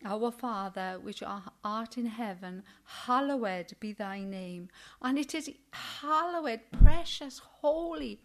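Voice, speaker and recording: A woman's voice: a little high, slow. Earnest older woman giving a chatty sermon. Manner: earnest, chatty, frequent tag questions; animated, acts out indignant quotes. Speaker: Bible study leader. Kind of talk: informal sermon.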